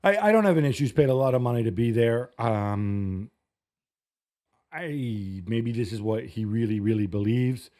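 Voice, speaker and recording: Wry guy hosting a football pod, mid pitch, lots of ums n restarts. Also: lively intonation, mellow. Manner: wry, quick, with frequent fillers and restarts. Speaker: podcast host. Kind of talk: casual football chat.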